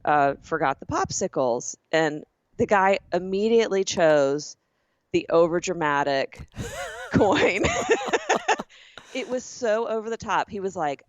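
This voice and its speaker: A woman from the American South co-hosts a casual chat and tells stories with relish, often slipping into acted-out voices. Her voice sits fairly low. The sound is dry and a little dull. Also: slow, dry recording. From southern United States. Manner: animated storyteller who acts out quoted people. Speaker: podcast co-host.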